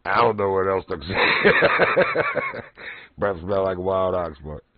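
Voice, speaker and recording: A man's voice: low-pitched, huge pitch swings, takes it slowly, narrow, tinny audio. A man streaming, chatting casually while fishing in a game and laughing often as he tells stories.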